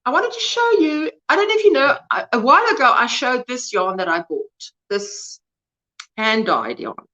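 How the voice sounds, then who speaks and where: South African woman, 50s, warm-hearted livestream host, slightly high voice, muffled lo-fi sound. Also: very animated, moderate pace. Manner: chatty, greets viewers by name, laughs often. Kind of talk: casual livestream chat. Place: at home, indoors.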